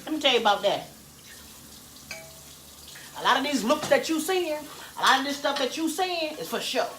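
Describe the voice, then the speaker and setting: A woman's voice: high voice, very animated, a little slow, bright, forceful tone, a little hiss or hum. A woman chatting with viewers from her home kitchen while doing dishes, in a repetitive, preachy way, calling them y'all and adding amen. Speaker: faith vlogger. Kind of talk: casual chat with viewers while cleaning. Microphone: camera propped up and moved around.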